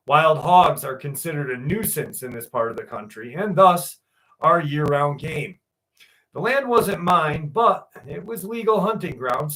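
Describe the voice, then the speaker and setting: A man's voice: on the high side, a bit bright, rough recording. A man hosting a podcast, telling rambling, profane anecdotes full of fillers and reading a listener's story aloud. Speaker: podcast host.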